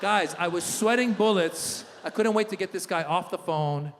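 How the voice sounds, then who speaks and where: Animated high-voiced man doing stand-up. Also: moderate pace, slight background noise. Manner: animated storytelling, shouts in character voices. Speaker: stand-up comedian. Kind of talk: stand-up comedy set. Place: large live venue. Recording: live hall with long reverb.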